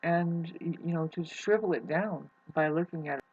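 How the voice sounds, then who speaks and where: A vlogger musing in a soft, quiet way, hesitant and full of restarts. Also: mid-range voice, moderate pace, husky, muffled recording. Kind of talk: rambling spiritual musing.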